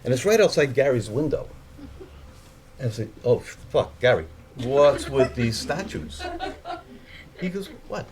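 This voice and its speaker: Animated man telling a spooky yarn. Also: a little slow, pauses often, a crowd in the background. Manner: animated, acting out the people he quotes with higher voices; swears casually. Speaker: storyteller. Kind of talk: live storytelling.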